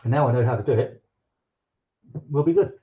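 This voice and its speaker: A man hosts his own live stream and chats to viewers in a loose, rambling way, full of fillers and restarts. His voice sits at a middling pitch for a man. The sound is a little dull and lo-fi. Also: a little fast. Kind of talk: casual live-stream chat.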